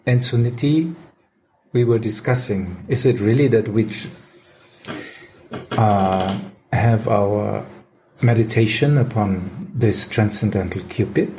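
Man, measured devotional discussion leader, unhurried explanatory delivery. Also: fairly low pitch, darkish tone, a little hiss or hum.

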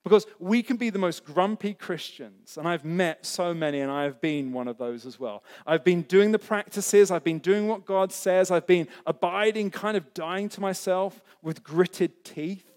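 A man's voice: high-pitched, normal speed, hardly any pauses, a little mellow. A man preaching a sermon as pastor, earnest and conversational, asking the congregation rhetorical questions. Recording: echoey hall.

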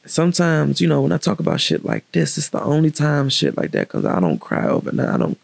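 A man telling a personal story in a candid, reflective, casual way, with halting restarts and pauses. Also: on the high side, huge pitch swings, vocal fry, dry recording.

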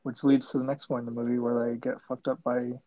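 Male podcast co-host, low-key and monotone, muffled, dry mic sound. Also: fast, dry recording. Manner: laid-back, agreeing, short remarks. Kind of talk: casual movie-review chat.

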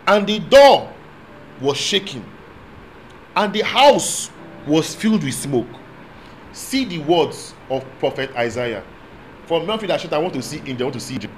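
Guy preaching, bit high voiced, asks the crowd questions, faint hum behind. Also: animated, a little slow, long pauses, rough recording. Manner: swings from quiet asides to loud proclamation, asks call-and-response questions; speaks in tongues at times. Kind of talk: sermon.

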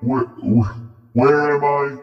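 A game master voicing a giant elephant creature, slow and halting, echoey room heard from far off. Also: male voice, steady tone, muffled recording, soft background music, natural voice. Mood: bewildered. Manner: halting, bewildered, deep-voiced. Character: giant ancient elephant-folk Loxodon, lost and weepy.

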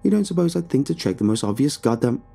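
A man voicing a panicked, irritated young man who snaps and shouts at his family. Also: high voice, wildly swooping pitch, moderate pace, husky, soft background music, pitched above the performer's own voice, heavily acted. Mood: panicked irritable. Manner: snappish and shouting.

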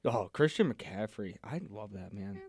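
A man's voice: lowish voice, expressive, unhurried, darkish tone, husky, dry recording. A man co-hosting a casual sports chat, joking and playful.

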